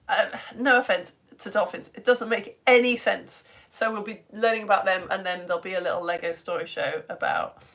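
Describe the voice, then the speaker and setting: A woman's voice: medium pitch, fairly bright tone. A woman teaching a live online lesson, chatting with viewers, greeting them by name and joking about herself. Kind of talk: live-stream chat with viewers. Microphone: home streaming setup.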